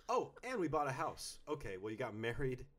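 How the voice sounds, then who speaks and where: A man in his thirties co-hosting a casual chat, playful and theatrical, swinging between quiet mumbles and loud outbursts. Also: mid-range voice, big pitch swings, moderate pace. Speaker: podcast co-host. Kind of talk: casual chat, reading listener notes.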